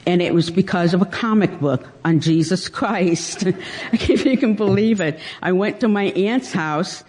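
A woman's voice: fairly low pitch, measured pace, a little mellow, a little hiss or hum. A woman giving a personal testimony at church, emotional and hesitant, holding back tears. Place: church hall. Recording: long hall reverb.

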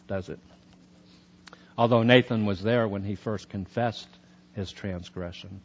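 A man's voice: fairly low pitch, a little slow, pauses often, highs cut off. A man teaching a sermon on scripture in a chatty, conversational way, with many fillers. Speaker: preacher.

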